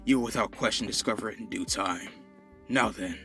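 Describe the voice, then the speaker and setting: A man's voice: fairly low pitch, brisk, a bit bright, faint music behind, lightly acted. A man voicing a scheming, politely formal male villain who gloats. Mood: courteous.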